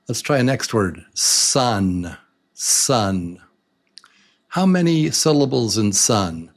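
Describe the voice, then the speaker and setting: A man teaching English to beginners, saying words slowly and breaking them into beats in an encouraging, patient way. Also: medium pitch, big pitch swings, creaky. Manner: slow, drawn-out words broken into beats. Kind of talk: slow beginner lesson.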